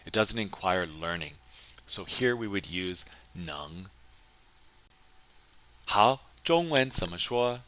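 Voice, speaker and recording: Man teaching slowly with a bright voice. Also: low-pitched, lively intonation, a little hiss or hum. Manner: slow, careful model sentences in Chinese between English explanations. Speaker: Chinese language teacher. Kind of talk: recorded grammar lesson.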